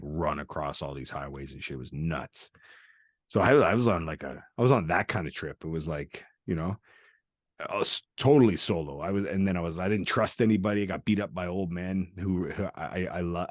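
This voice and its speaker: Deep-voiced rambling storyteller man. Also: no echo, clean studio sound. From Canada. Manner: rambling, profane, laughs often, acts out quoted voices. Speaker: podcast host. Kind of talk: candid storytelling chat.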